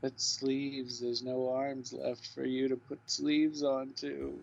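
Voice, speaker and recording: A man playing a video game on stream, talking in dry, deadpan, mock-weary banter. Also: medium pitch, slow pace, creaky, muffled recording. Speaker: let's play streamer. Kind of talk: casual gaming banter.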